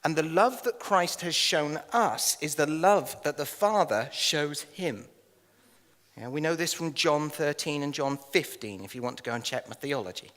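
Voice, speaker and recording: An English man preaching a sermon as minister, animated and jokey, telling stories with laughs and acted asides. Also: on the high side, normal speed, in a large hall. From England. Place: church hall.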